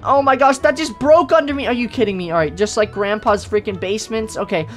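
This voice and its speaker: A woman giving excitable game commentary, gasping and shrieking as she plays. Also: on the high side, fast, faint music behind. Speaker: gaming host.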